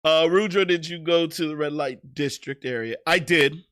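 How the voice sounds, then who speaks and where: Bright, high-voiced casual male streamer. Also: normal speed. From United States. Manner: loose and profane, laughs at himself. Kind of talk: casual livestream chat.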